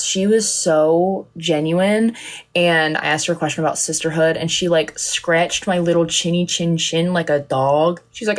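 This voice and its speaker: A woman's voice: fairly low pitch, moderate pace. A young woman chatting casually on a livestream, telling rambling, giggly, self-deprecating stories. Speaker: content creator on a livestream.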